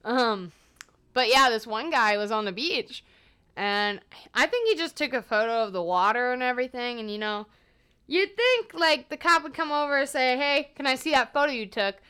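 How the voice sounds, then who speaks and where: A young woman hosting a podcast, telling stories from her life in a loose, animated way, swearing freely and laughing along. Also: a little high, normal speed, smooth. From United States. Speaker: podcast host. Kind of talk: casual storytelling monologue.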